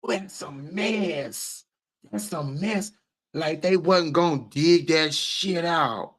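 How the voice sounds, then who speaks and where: A man's voice: on the high side, slow pace, a bit bright. A man hosting a casual livestream, reacting to viewer comments with emphatic, repetitive, profanity-laced talk. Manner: emphatic and repetitive, swears freely. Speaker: livestream host.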